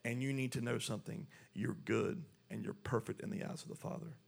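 A man's voice: mid-range voice, steady tone, fairly quick, creaky, breathy edge. A man preaching a sermon, reading scripture aloud and then pressing his point with rising intensity. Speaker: pastor.

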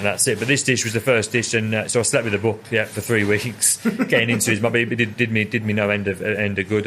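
Male chef guest, young adult, fast rambling interview talk, slightly low voice. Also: fairly bright tone, slight background noise. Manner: rambling, repeats words while telling stories. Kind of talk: casual interview chat.

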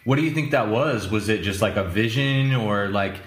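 A man's voice: fairly low pitch, moderate pace, reverberant. A male host who talks casually and encouragingly, with slang like man and dude, asking questions. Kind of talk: casual interview.

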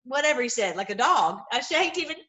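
A woman giving an informal, impassioned sermon, swinging between loud outbursts and low murmurs, with many repeated words. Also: very animated, fast talker. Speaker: preacher.

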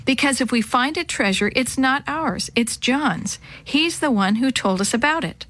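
A woman's voice: high-pitched, animated, normal speed, fairly bright tone, no room sound. A woman voicing a sensible, honest young girl in a storybook reading, earnest and level-headed.

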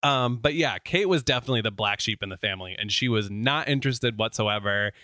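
A man's voice: on the low side, animated, a little fast, bright, forceful tone, dry recording, studio quality. A man co-hosting a podcast, telling a story in a casual, joking chat. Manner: chatty, joking, uses fillers.

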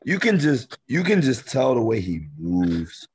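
A man co-hosting a casual basketball podcast, retelling plays in an animated, slangy way. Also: mid-range voice, unhurried, breathy edge. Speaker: podcast co-host.

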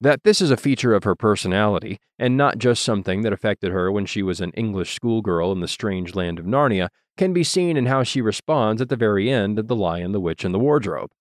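Brief: male audiobook narrator, measured literary reading, lowish voice, dry close sound. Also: animated, no echo. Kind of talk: scripted narration.

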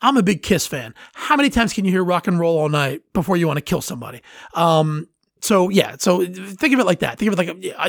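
Guy with a gravelly slightly high voice, rambly podcast host talking solo, dry sound. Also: dry recording. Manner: rambling, chatty, many fillers and restarts. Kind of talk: casual solo podcast talk.

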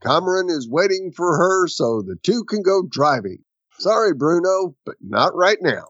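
A man's voice: sits high, sing-song, moderate pace, a bit bright, dry recording. Man with a raised voice, dry lo-fi sound. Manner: short agreeing replies, earnest. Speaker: podcast co-host. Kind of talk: casual recap chat. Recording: dry, dull lo-fi audio.

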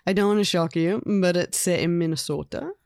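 A chatty woman co-hosts a podcast review, full of quick jokey asides. The sound is dry and close, with no room around her voice. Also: fairly low pitch, a little mellow, no room sound. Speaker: podcast co-host. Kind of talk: casual review chat.

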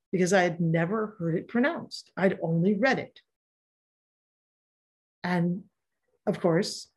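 A middle-aged woman coach talking casually in a live session, candid and quick with asides, swearing freely and laughing easily. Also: mid-range voice, slightly rough. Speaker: productivity coach and podcast host. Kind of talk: casual live workshop talk.

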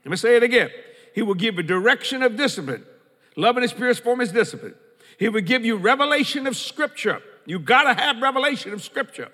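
A man's voice: extremely high pitch, animated, a little fast, pushed and bright, in a large hall. A man preaching a sermon as pastor, quoting scripture and repeating key lines for emphasis.

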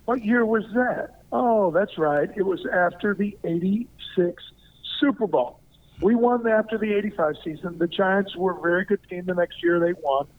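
An older man from Arkansas, a former pro football player, telling a lively story as an interview guest and acting out what people said. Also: high-pitched, normal speed. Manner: lively anecdotal storyteller who acts out quoted lines. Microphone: phone. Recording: tinny phone line.

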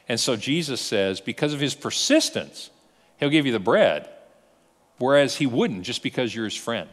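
Male pastor, expressive storyteller who acts out the dialogue, hall reverb. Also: medium pitch, normal speed. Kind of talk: sermon teaching.

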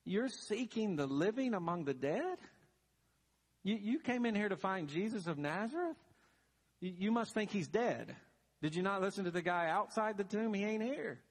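A man's voice: high voice, expressive, normal speed. A man preaching who voices astonished angels in a tomb, firing blunt, incredulous questions. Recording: long reverb of a large hall.

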